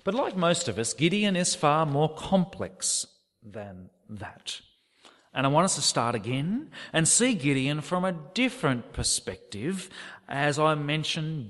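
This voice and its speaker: A man's voice: a little high, big pitch swings, measured pace, fairly bright tone. A man preaching a sermon, reading scripture aloud with dramatic expression. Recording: long hall reverb.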